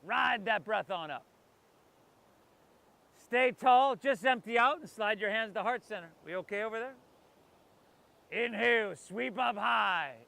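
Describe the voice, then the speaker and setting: A man's voice: high voice, a little slow, creaky, pauses often, sharp tone. A man leading a guided yoga class outdoors, calling breath cues with playful joking asides. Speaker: yoga instructor. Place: outdoors by the ocean.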